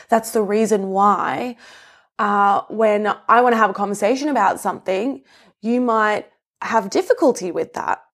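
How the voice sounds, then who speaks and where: A young adult woman talking in a casual, earnest way, explaining ideas and sharing personal stories with laughs and asides. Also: mid-range voice. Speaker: relationship speaker. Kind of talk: reflective explanatory talk.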